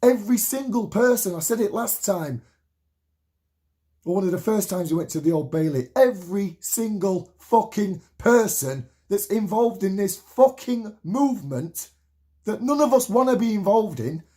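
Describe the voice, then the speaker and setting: A man in his late thirties rants to camera at a moderate pace, animated and heated, swearing and repeating himself like he's rallying people. His voice is high for a man but warm and soft-edged rather than bright.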